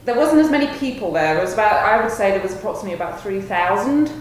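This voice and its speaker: A woman's voice: mid-range voice, lively intonation, rapid-fire, crowd noise. A woman co-hosting a pub talk show, upbeat and casual with um fillers. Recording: very echoey pub with faint noise.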